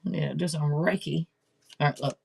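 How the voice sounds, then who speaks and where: Loud, blunt woman tarot streamer. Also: low-pitched, steady tone, moderate pace, vocal fry, slightly rough. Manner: loud, blunt and joking, swears freely. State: throat irritation. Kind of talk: casual live-stream chat.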